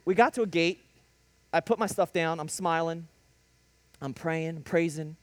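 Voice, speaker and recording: A man's voice: a little high, normal speed, dry recording. A man telling a faith testimony in emphatic preacher-style storytelling, with punchy short sentences that rise to bursts. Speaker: speaker giving a faith testimony.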